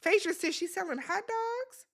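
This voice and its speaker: A woman's voice: very high-pitched, normal speed, a bit bright. A woman hosting a casual recap of a reality TV show, blunt, sassy and profane as she scolds the cast directly. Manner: talks straight at the viewers and the cast, scolding them. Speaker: TV recap host.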